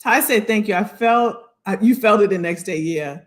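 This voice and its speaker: A woman career coach with a mid-range voice and moderate pace hosts a casual livestream. Upbeat and chatty, she greets viewers by name and speaks directly to the unseen commenters.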